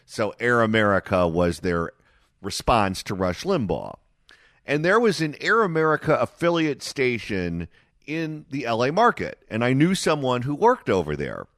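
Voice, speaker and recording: A man hosting a talk radio show, speaking in a sarcastic, animated way. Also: medium pitch, normal speed, dry recording, studio quality.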